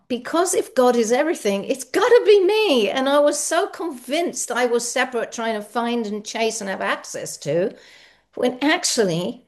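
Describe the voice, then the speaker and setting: Older woman, slightly high voice, shares her story at a recovery meeting, laughs often, animated. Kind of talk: personal sharing at a meeting.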